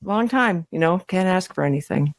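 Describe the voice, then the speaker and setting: A man hosting a podcast, telling his own story in a chatty, animated way with lots of fillers. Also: high-pitched, normal speed, no echo. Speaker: podcast host. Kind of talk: casual chat.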